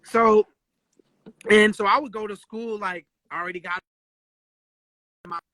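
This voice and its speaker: A high, very bright male voice telling animated, slangy stories in a casual live chat, swearing freely and acting out the people he quotes. The sound is close and dry, captured on a phone. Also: unhurried, dry recording. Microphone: phone live stream.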